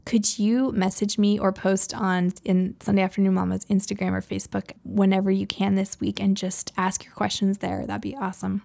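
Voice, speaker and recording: A woman's voice: medium pitch, creaky, dark tone. A woman in her thirties, a podcast host, giving chatty, conversational advice about parenting and goals, laughing now and then. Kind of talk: casual advice talk.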